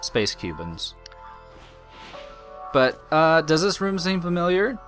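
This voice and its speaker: A man's voice: a little high, very animated, takes it slowly, fairly bright tone. A man hosting a game playthrough, talking in a loose, offhand way with frequent restarts and some swearing. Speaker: let's play host. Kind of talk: casual gameplay commentary. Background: game music.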